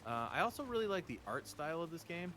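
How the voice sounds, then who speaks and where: A man's voice: a little high, very animated, quick pace, fairly bright tone, a little hiss or hum. An American man chatting casually and joking as a guest on a game stream. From United States. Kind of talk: casual chat while playing a game. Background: game music.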